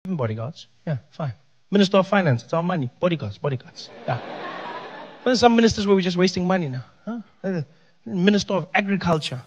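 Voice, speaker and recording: A young man with a South African accent doing animated stand-up comedy on stage, telling stories with playful voices. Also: high-pitched, fast talker, muffled recording. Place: live venue with audience.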